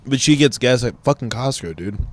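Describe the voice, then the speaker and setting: A man's voice: mid-range voice, lively intonation, a little fast. A young man co-hosting a podcast, rambling in crude casual banter full of fillers and laughs. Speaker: podcast co-host.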